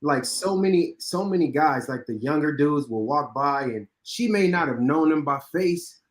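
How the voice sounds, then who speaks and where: A man's voice: fairly high pitch, expressive, moderate pace, a little hiss or hum. A man in his thirties, a podcast co-host, talking in an emphatic way and repeating phrases for stress. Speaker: podcast co-host, former teammate. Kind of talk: casual chat.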